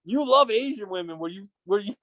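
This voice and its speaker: Lively-voiced man telling crude stories. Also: sits high, brisk, crowd noise. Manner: profane, storytelling with acted-out quotes. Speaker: podcast co-host. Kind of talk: casual podcast chat.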